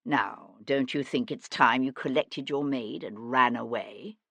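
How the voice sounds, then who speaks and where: A woman reads an earnest young gentlewoman in a storybook mystery, her voice low and set in a dry, close space. She pleads in a measured, composed way. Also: gravelly, no echo, heavily acted.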